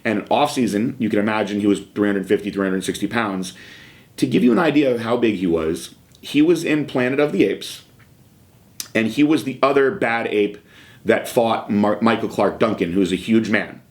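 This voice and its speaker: A man in his thirties speaks in a fairly low voice, hosting a podcast. He tells his story frankly and casually, often pausing on fillers. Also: lively intonation. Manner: frank, conversational, filler-heavy. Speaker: podcast host.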